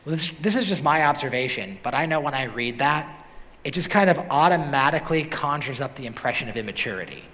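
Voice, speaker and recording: A man preaching a sermon as pastor, animated and building to emphatic questions. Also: medium pitch, quick pace. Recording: long hall reverb.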